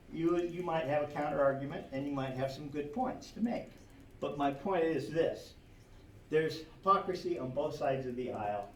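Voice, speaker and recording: A man with a fairly high voice lectures a history class animatedly, heard from across an echoey classroom with slight background noise. He leans on rhetorical questions and chuckles through asides.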